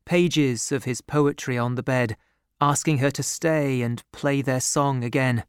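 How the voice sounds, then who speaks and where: A man reading a novel aloud as an audiobook narrator, with a measured, even storytelling delivery into a close studio microphone. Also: medium pitch, smooth, dry recording.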